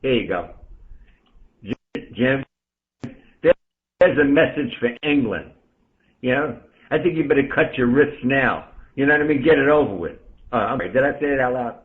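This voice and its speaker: A man's voice: mid-range voice, expressive, normal speed, pauses often. A man from the Bronx, a ham radio operator, ranting bluntly on air and calling out listeners by name. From the Bronx, New York. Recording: tinny radio transmission.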